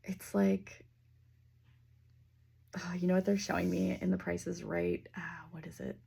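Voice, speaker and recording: A woman giving a casual spiritual reading and leading slow breathing, talking loosely with fillers and the odd swear word. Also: lowish voice, level tone, creaky, breathy edge. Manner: slows down and softens into near-whispers. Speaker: intuitive reader.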